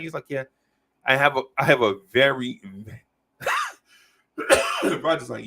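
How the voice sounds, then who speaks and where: A man's voice: mid-range voice, slow pace, creaky, pauses often, slightly rough. A man on a podcast telling a long story in casual chat, acting out the people in it. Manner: animated storyteller, acts out quoted voices. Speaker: podcast host.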